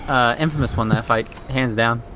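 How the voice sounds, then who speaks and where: A man's voice: medium pitch, normal speed, background noise. A man giving casual, rambling esports analysis with slang as a color commentator.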